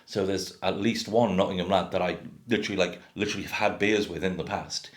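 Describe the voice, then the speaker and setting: A man's voice: low voice, fairly even intonation, quick pace. A man in his thirties from North Wales with a generic English accent, ranting bluntly and swearing as a vlogger. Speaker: craft beer vlogger. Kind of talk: casual rant to camera. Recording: echoey room.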